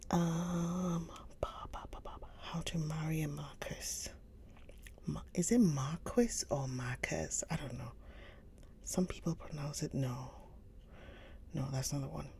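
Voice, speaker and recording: A woman hosting a live book stream, chatting casually with viewers, gushing and often slipping into a soft whisper. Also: sits low, steady tone, measured pace, creaky, slight background noise. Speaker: livestream book reader host.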